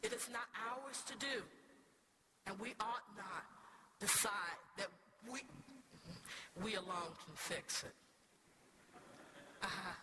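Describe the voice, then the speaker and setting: A woman's voice: medium pitch, slow pace, long pauses, heavy background noise. A woman scholar preaching a storytelling sermon with impassioned, rhetorical repetition to a church congregation. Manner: impassioned and rhetorical, with repeated phrases. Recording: loud background ambience.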